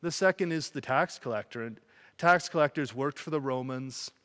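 A man preaching a sermon in an animated way, acting out voices as he tells a story. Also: mid-range voice, moderate pace, big-room sound. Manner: animated, acts out quoted voices.

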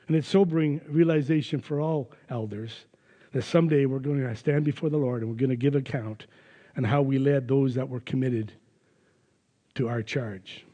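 A man's voice: medium pitch, normal speed, dark tone, breathy edge. Earnest male pastor in a reverberant church. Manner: earnest, emphatic, with some restarts. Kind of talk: sermon.

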